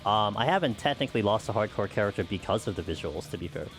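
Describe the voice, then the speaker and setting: A man's voice: on the low side, lively intonation, fast, soft background music. A man streaming a game, chatting casually with viewers in a rambling way full of "like" and "you know". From United States. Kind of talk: casual chat while playing.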